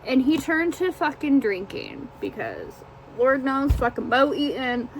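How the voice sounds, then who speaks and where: This book reviewer talks casually about a book she's read, wandering off topic, cursing, and leaning on fillers. Her voice is high, sing-song, and unhurried. The audio is poor, with a little hiss or hum.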